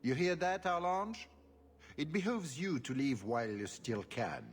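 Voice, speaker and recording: An actor playing a pompous aristocratic duke who speaks in florid, courtly phrases. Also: male voice, fairly high pitch, a little slow, breathy edge. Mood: scornful. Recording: long reverb.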